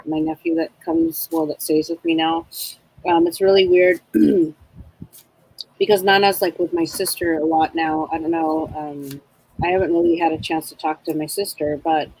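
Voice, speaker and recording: A middle-aged woman giving a psychic reading in casual, rambling chat, with a husky voice. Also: fairly low pitch, a little mellow, rough recording. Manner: rambling, chatty, acts out spirits' voices. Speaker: psychic reader.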